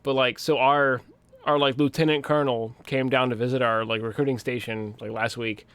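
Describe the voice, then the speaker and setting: A young man with a Western Pennsylvania accent, co-hosting a casual podcast chat and telling profane, animated stories full of acted-out quotes. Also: medium pitch, normal speed, smooth. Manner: profane, animated storytelling, acts out quoted voices. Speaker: podcast co-host.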